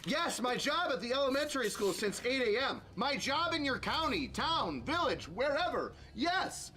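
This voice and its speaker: A man's voice: extremely high pitch, big pitch swings, moderate pace, sharp tone, slight background noise. A man giving sarcastic, mocking reaction commentary on a video as a streamer, ranting as he goes.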